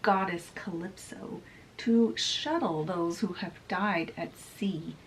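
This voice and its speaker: A woman's voice: fairly low pitch, slow pace, slight background noise, low-quality recording. A woman voicing a mocking male sea deity who captains a ghost ship, in a casual taunting way.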